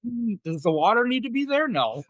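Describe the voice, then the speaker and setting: A man's voice: extremely high pitch, big pitch swings, fairly quick, no room sound. A man guesting on a video-call interview, chatting casually and joking with frequent laughter. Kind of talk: casual chat.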